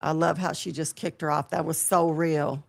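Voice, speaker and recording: A woman co-hosting a live wrestling watch-along, chatting casually and reacting with excited exclamations. She is from California. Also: deep voice, normal speed, vocal fry. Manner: animated, exclaims and laughs at the action. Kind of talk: casual live-stream chat.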